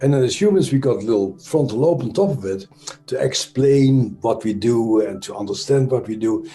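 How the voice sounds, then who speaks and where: A man with a Dutch accent speaks as an interview guest. His voice is soft and mellow, and he explains at a measured, searching pace with pauses and restarts. The room adds a noticeable echo, and faint music sits in the background. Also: medium pitch, lively intonation. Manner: thoughtful, halting, frequent "uh" and self-corrections. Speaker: interview guest, trauma expert. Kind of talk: conversational explanation.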